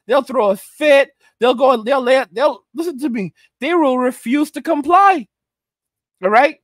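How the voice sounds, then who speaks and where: A man with a strikingly high voice rants through a commentary livestream and reads out viewer chat. He talks emphatically, hammering the same phrases again and again, and the recording sounds close and dry with no room sound. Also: unhurried, dry recording. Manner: emphatic, repeats phrases, keeps asking "all right?"; slips into mocking put-on voices.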